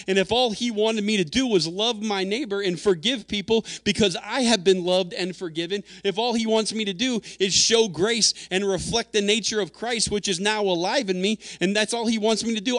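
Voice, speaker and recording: A man's voice: high-pitched, fairly bright tone, dry recording, studio quality. A man preaching a sermon in an earnest, conversational way, acting out quotes as he goes. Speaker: pastor.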